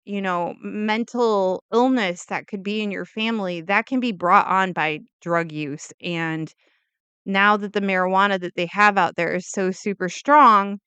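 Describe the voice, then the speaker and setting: A woman's voice: medium pitch, steady tone, measured pace, bright, forceful tone, clean tone, no echo. A woman casually telling a true crime story as a vlogger, rambling with lots of "like" and opinionated asides and disclaimers. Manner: rambling, heavy use of "like", self-interrupting asides.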